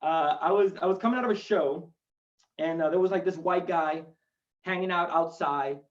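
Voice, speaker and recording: A man's voice: on the high side, moderate pace, pauses often, far from the mic, highs cut off. A male stand-up comedian doing a chatty, rambling set from his home over a video call, with self-deprecating asides. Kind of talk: stand-up set for an online show.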